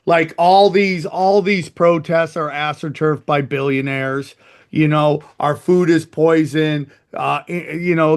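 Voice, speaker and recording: Male host, profane and rambling, fairly high voice. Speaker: podcast host. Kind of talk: casual chat.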